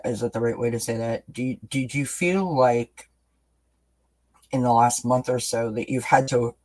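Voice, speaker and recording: Male tarot reader on a live stream, mid-pitched, rambling and warmly chatty, lots of restarts. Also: poor audio. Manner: talks directly to viewers as friends.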